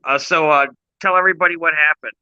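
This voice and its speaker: A man's voice: on the high side, fairly even intonation, fast talker, bright, forceful tone, clean tone, highs cut off. A man giving teasing reaction commentary, stumbling and hesitant as he talks.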